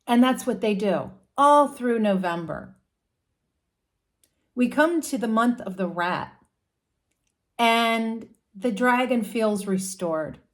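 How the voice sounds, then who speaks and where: Slow-talking woman telling an astrology tale. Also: fairly high pitch, lively intonation. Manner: casual, with animal characters and fillers. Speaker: astrology storyteller. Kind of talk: storytelling explanation.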